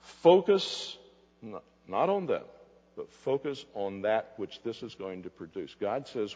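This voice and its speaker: Husky, lively man preaching a sermon. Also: lowish voice, measured pace. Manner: animated preaching, swinging between emphatic lines and quiet asides. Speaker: pastor. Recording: dull lo-fi recording in a reverberant hall.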